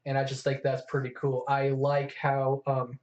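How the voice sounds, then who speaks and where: Guy co-hosting a chat, kinda flat voice, roomy echo, dull lo-fi sound. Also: mid-range voice, normal speed. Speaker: co-host. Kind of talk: casual chat. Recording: echoey room, dull lo-fi sound.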